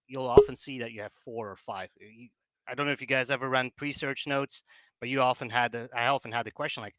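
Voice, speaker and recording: A man's voice: medium pitch, a little fast, a bit bright, no room sound. A man on a remote call, explaining things as a business developer in a casual chat, with many fillers and restarts. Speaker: guest, project business developer.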